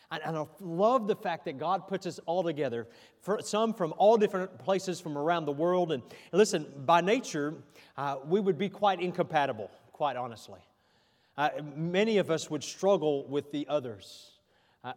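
A pastor preaching a sermon, with an emphatic style that asks the congregation to respond. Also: male voice, high-pitched, darkish tone, long reverb tail.

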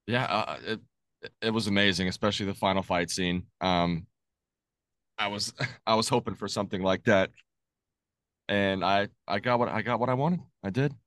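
Male podcast co-host, halting speaker, lowish pitch, dry close recording. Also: fairly bright tone, no echo. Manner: halting, restarts often. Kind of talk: casual movie review chat.

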